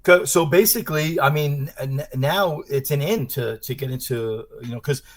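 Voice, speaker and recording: A man's voice: medium pitch, moderate pace. A man who teaches martial arts, talking through his children's book in a casual interview, rambling with many fillers as he tells stories. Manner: rambling, storytelling with frequent fillers. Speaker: martial arts instructor and author.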